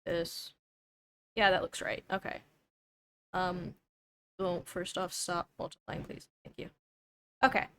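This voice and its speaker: A woman's voice: lowish voice, little pitch movement, takes it slowly, pauses often, a bit bright, a little hiss or hum. A young woman streamer chatting casually while she draws, thinking aloud and doubting herself as she goes. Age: young adult.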